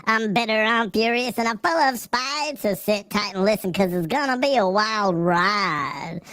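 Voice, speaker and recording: A cranky, spiteful turnip grumbles out a rhyming news rant in a sing-song lilt, as a woman puts it on. The voice swings up and down with lively pitch, and the sound is dry and close. It sounds like a comic ditty made up on the spot. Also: unhurried, no room sound. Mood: grumpy sing-song.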